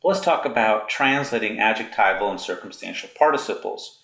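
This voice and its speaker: A man teaching Greek grammar in a recorded lecture, slowly reciting word endings one by one. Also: fairly low pitch, animated, creaky, fairly bright tone, roomy sound. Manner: slow, deliberate recitation of endings.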